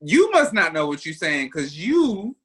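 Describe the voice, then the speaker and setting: Animated, bright-voiced man bantering. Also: a little high, a little slow, slightly rough. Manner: teasing, animated, laughs often. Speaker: podcast co-host. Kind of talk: casual banter.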